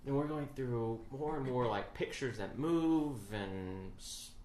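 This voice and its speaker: A man casually telling a story on a podcast, animated, swearing and laughing often. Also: mid-range voice, slow, a little hiss or hum. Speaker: podcast co-host. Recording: echoey room with faint ambience.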